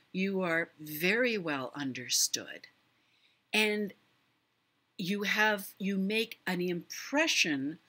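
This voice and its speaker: A middle-aged woman hosting a live stream, giving voice tips in a measured way with many pauses and fillers. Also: fairly low pitch, a bit bright, husky. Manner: measured, hesitant with fillers, demonstrates voice techniques. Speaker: host.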